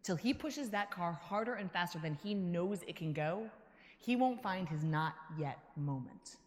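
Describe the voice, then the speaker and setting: Animated woman giving a keynote in a hall. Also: on the low side, unhurried. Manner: animated storyteller who acts out quotes and laughs. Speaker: keynote speaker. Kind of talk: motivational keynote talk. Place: large conference hall. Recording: echoey hall reverb.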